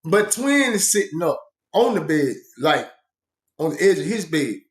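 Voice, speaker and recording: Man telling his own story in loose slang with lots of asides; a bit high-pitched, roomy sound. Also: very animated, a little slow. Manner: rambling, slang-heavy, many asides. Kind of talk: casual spoken storytelling. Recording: echoey room.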